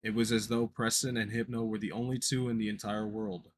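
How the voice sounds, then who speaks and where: A brisk man with a lowish voice and little pitch movement reads a creepypasta aloud as a podcast co-host. He often trips over his words and corrects himself in this casual reading.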